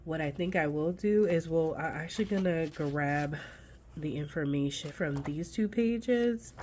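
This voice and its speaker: Setting up her budget binder, the congested host of a budgeting channel chats folksily and directly with her viewers while under the weather. Her nasal voice sits low with a darkish tone, and a little hiss or hum can be heard.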